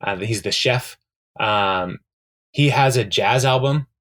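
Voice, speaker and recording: Retelling scenes from a TV episode on the podcast he co-hosts, a man rambles casually, filling gaps with fillers and repeating characters' lines. He speaks slowly, his pitch fairly low and his tone fairly bright.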